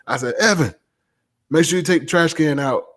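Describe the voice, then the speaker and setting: Man telling a lively family story. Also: on the high side, normal speed. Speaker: father and podcast co-host. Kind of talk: storytelling in casual chat.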